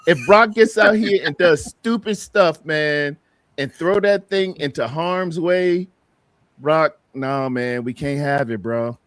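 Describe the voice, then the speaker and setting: A man rants in loose podcast chat, circling back to the same complaints again and again. His voice sits a little high, and the recording is close and dry with no room sound. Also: slow, dry recording. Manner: animated, repetitive, heated ranting. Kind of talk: casual sports podcast chat.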